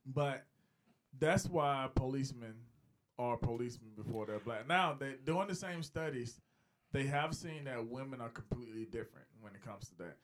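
A man's voice: mid-range voice, moderate pace, noisy background. A man hosting a podcast, chatting casually and speaking straight to his listeners. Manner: conversational, addresses listeners directly. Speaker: podcast host. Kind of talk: casual chat.

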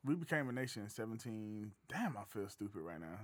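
Brisk and sing-song, a man with a fairly low voice hosts a podcast as relaxed, joking conversation. Laughter keeps breaking in while his stories wander easily, and the audio has no echo, sitting dry and close.

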